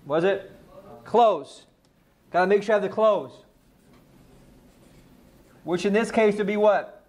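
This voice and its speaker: A man teaching a live sales training class, firing questions at the room and answering them himself. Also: sits high. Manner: energetic, quizzes the audience, rapid questions.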